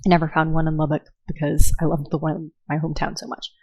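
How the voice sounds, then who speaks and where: Chatty woman, low voice. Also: level tone, fast, darkish tone, dry recording. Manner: chatty storyteller, many "like" fillers. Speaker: podcast co-host. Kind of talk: casual chat.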